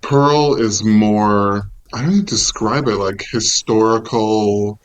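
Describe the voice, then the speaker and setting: A man co-hosting a casual film review chat, relaxed and searching for words as he talks. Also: lowish voice, a little slow, muffled recording, a little hiss or hum. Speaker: co-host.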